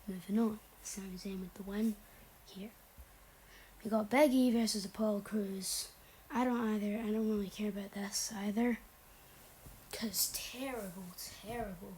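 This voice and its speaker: A woman's voice: medium pitch, mellow, a little hiss or hum, rough recording. A young woman casually rambling through wrestling predictions, often sliding into a whisper, blunt and offhand. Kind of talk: casual chat.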